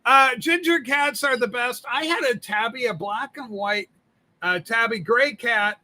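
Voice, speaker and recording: A man's voice: very high voice, unhurried, pushed and bright, heavily acted. Man camping up gossipy woman Rachel. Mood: chatty. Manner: campy, chatty, mock-scandalized. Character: gossipy, flamboyant woman named Rachel, fussing and scolding. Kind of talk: comedic livestream banter in character.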